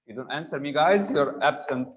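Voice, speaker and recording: A man's voice: a little high, normal speed, lo-fi sound. A man teaching a grammar class online, patiently prompting students by name for answers.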